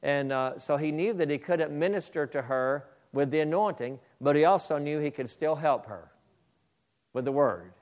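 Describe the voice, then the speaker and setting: A man's voice: fairly high pitch, normal speed, darkish tone. A male pastor preaching a sermon, reading a story aloud and calling on his congregation to pay attention. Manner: emphatic, calls on the congregation.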